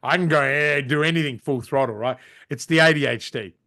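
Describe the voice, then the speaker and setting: Bright-voiced animated man in his forties. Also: a little high, fairly quick. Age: 40s. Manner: animated storyteller, swears casually, says "mate" and "right?". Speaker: podcast guest. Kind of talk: casual interview chat.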